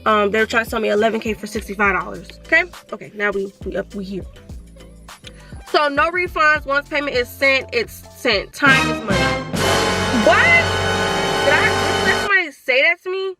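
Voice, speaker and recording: Young woman, sore throat, animated storytime, faint music behind. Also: fairly high pitch. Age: 20s. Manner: animated, reads messages aloud, talks fast. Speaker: vlogger. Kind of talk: casual storytime.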